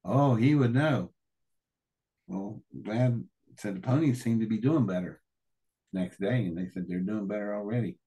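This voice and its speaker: A man's voice: fairly low pitch, normal speed, dark tone, breathy edge, dull audio. A man as an interview guest telling a colorful, profane story, acting out the other people's voices.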